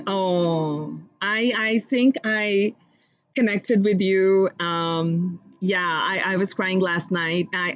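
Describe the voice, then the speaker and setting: This is a woman with a fairly low voice, guiding a meditation and spiritual reading. She sounds earnest and soft-spoken, with a slightly nervous, rambling way of explaining herself. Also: rough recording. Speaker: tarot reader.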